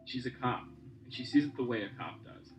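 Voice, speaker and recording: A man reporting in measured, scripted radio narration and asking interview questions. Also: medium pitch, faint music behind, low-quality recording.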